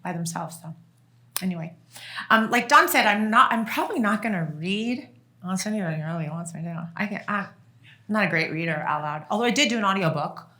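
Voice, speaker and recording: A woman's voice: mid-range voice, expressive, fairly quick, bright, forceful tone. A middle-aged woman casually telling family stories to an audience, chatty, with many fillers and frequent laughs. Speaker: author and guest speaker.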